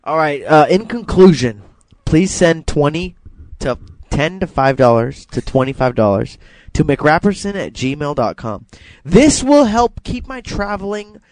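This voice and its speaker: A man's voice: fairly high pitch, very animated, unhurried, a little mellow, no room sound. Goofy rambling guy from Hawaii. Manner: goofy, rambling, crude joking. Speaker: podcast co-host. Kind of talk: casual prank-call podcast chat.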